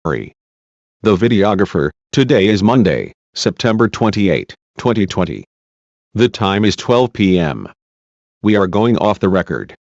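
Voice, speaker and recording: A man's voice: on the low side, sing-song, a little slow, gravelly, a little mellow, no echo, heavily acted. A man reading a procedural male videographer. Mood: formal. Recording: dull lo-fi recording.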